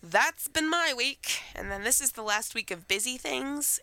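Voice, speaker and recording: Chatting loosely about her week on a podcast she co-hosts, a teenage girl recovering from a cold speaks in a high, expressive voice. She moves at normal speed with few pauses and a sharp tone, and there's no echo.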